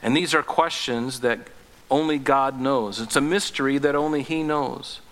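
Earnest pastor preaching in a reverberant hall. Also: male voice, normal speed. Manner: earnest, rises to impassioned pleading then drops low and gentle. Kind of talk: sermon.

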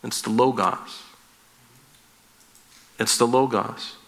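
A man's voice: medium pitch, steady tone, takes it slowly, creaky, a bit bright. A male pastor giving an expository sermon, teaching earnestly and asking his listeners rhetorical questions.

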